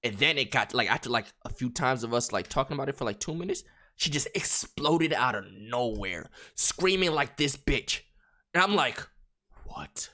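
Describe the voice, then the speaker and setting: A young man streamer spinning a story in loose, profane slang. His voice is bright, and his pitch jumps all over as he gets worked up. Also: normal speed. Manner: animated, slangy and profane, with lots of filler. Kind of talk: casual storytelling.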